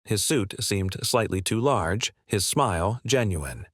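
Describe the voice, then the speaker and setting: A man reading a scripted story in an even, measured way. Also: fairly low pitch, no echo, clean studio sound. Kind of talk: scripted narration.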